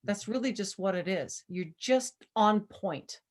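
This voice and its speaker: A woman's voice: medium pitch, measured pace, a little mellow. A woman chatting casually on a video call, telling stories and coaching people through steps, laughing often. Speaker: presenter guiding users. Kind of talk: casual chat.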